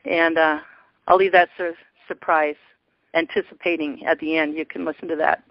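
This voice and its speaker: A woman's voice: sits low, little pitch movement, normal speed, dry recording. A woman hosting a spiritual call-in show and guiding listeners, talking in an effusive way with laughs and exclamations. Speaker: host. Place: teleconference call. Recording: dull lo-fi call recording.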